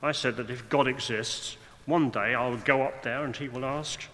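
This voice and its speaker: Bright-voiced preacher in a reverberant hall. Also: male voice, mid-range voice, fairly even intonation. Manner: measured, slowing for emphasis, dry wry asides. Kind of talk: sermon. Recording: long hall reverb, faint room noise.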